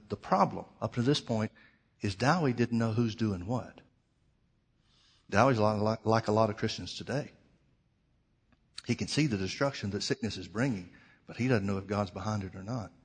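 A male preacher telling a story in a sermon, dramatic, swinging between loud outbursts and hushed near-whispers. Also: medium pitch, normal speed, husky.

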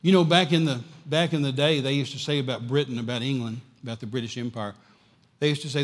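A man preaching a sermon, emphatic and repetitive, swinging between loud and quiet. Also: medium pitch, fairly even intonation, quick pace, long reverb tail.

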